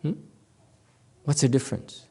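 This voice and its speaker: A man giving a dharma talk as a Zen teacher, explaining a koan in a playful, teasing way, laughing often and checking that listeners follow. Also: measured pace. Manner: teasing, lively storyteller.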